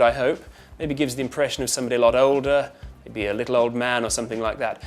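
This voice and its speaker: A British man, an actor and voice coach, giving a how-to lesson loudly and quickly, with crisp consonants, a twangy tone and lively up-and-down intonation. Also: medium pitch, faint music behind. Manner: loud and fast-talking. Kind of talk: instructional how-to talk.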